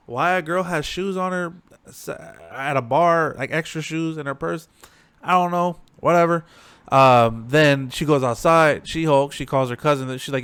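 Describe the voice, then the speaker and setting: A man's voice: fairly high pitch, moderate pace, fairly bright tone, clean tone, no room sound. A man giving a loose, slangy recap and reaction to a show, with lots of fillers. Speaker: reaction video host.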